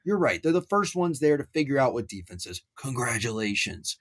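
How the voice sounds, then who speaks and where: A young man co-hosting a sports podcast, ranting at length with animated wrestling and pop-culture riffs. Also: on the high side, fast talker, a little hiss or hum. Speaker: podcast co-host.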